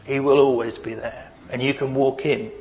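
A man preaching a sermon as pastor, earnest and questioning, leading the listeners into a quiet reflection. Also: medium pitch, flat delivery, normal speed, muffled recording.

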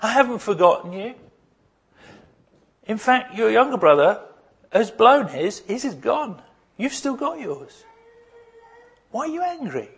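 A man voicing a loving father who gently pleads with his older son, with tender, earnest reassurance. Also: sits high, big pitch swings, measured pace, creaky, pauses often, husky, pitched above the performer's own voice, exaggerated voice. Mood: tender pleading.

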